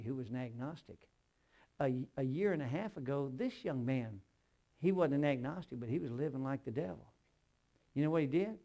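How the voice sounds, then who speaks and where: A preacher with a gravelly, fry-laden voice that sits a bit higher than most men's. He tells his sermon as a string of stories, acting out the dialogue and turning to ask the congregation whether they are listening. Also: mellow. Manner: storytelling, acts out dialogue in quotes; addresses the congregation directly.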